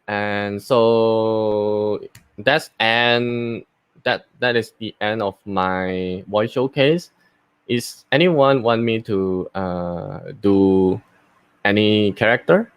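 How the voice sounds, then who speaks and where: A voice actor, a man, casually explaining his voice techniques in an unhurried way with many fillers and restarts. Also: on the low side, smooth, dry recording, highs cut off. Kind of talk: casual live talk and voice demo.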